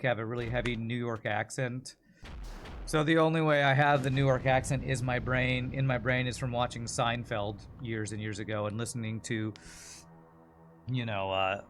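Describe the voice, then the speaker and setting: A man's voice: medium pitch, a little hiss or hum. A man streaming a video game, chatting casually and rambling between the plays and chat messages. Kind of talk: casual gameplay commentary.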